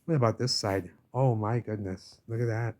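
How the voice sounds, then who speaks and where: A man's voice: lowish voice, moderate pace, darkish tone. Ranting man filming a village walk. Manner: ranting, insistent, talks at the camera with repeated "baby". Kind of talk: casual walking-tour vlog monologue. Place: outdoors in a village street.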